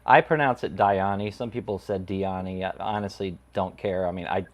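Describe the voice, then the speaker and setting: Low-voiced man chatting about his comic. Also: a little fast. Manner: rambling, laughs easily. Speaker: comic creator guest. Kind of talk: casual chat.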